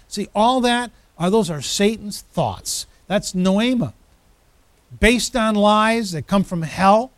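A man's voice: sits high, expressive, takes it slowly, no room sound. A man preaching a sermon as pastor, emphatic, building through repeated phrases.

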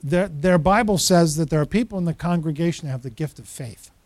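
High-voiced animated male preacher. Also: a little fast, dry recording. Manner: animated, storytelling, acts out quoted voices. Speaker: pastor. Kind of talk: sermon.

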